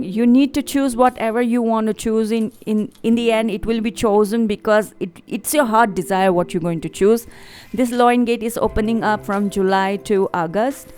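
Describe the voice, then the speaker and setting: A woman's voice: on the high side, darkish tone. A woman with an Indian accent, hosting her own channel and giving a fervent, preachy spiritual talk with repeated phrases. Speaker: tarot reader and channel host. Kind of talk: spiritual monologue to camera.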